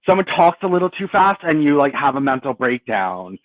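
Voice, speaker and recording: A man's voice: a little high, sing-song, no room sound. Confrontational man on a tinny line. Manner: confrontational, rapid-fire, repeating himself. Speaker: debater. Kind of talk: heated online debate.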